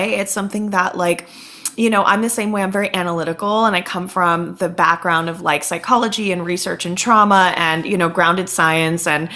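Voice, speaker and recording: A woman hosting a podcast, talking in an excitable, casual way and swearing freely. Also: medium pitch, fairly quick. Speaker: podcast host. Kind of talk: casual conversation.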